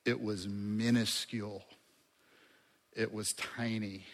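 A man preaching a sermon as a pastor, conversational and lively, with asides to the congregation. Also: lowish voice, slow pace, big-room sound.

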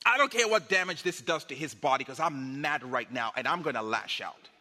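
A preacher putting on the voice of a furious man shouting defiantly that he doesn't care. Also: mid-range voice, lively intonation, fairly quick, in a large hall.

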